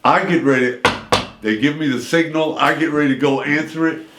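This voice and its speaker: A man's voice: on the high side, brisk, echoey room, noisy background. A man guest on a radio show, telling a long anecdote and voicing the people in it. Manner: lively anecdote with voiced quotes. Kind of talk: animated storytelling. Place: radio studio.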